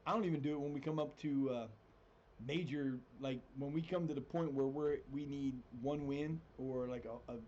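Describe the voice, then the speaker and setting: Guy rambling on his stream from home, mellow low-key voice, kinda dull audio. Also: normal speed, slight background noise. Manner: rambling, animated, breaks into high-pitched mock voices. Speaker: streamer playing a football management game. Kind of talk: casual live-stream chat. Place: home room with cats.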